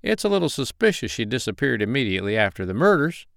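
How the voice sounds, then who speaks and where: Give me a man playing a crooked city detective, guarded and curt, with a crisp, dry storybook sound. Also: mid-range voice, very animated, quick pace, fairly bright tone, no room sound, voice pushed up. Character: corrupt scheming male big-city detective.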